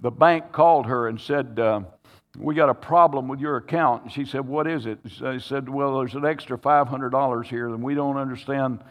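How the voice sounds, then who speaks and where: A pastor telling a personal story in a sermon, earnest and halting, with frequent restarts that build to emotional pleading. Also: male voice, medium pitch, fairly even intonation, in a large hall. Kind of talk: sermon testimony.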